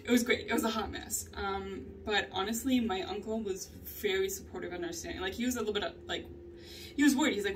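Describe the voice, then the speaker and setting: A woman's voice: medium pitch, quick pace, distant mic, slight background noise. Candid rambling woman vlogger. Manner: candid, rambling, laughs often. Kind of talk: personal journal vlog.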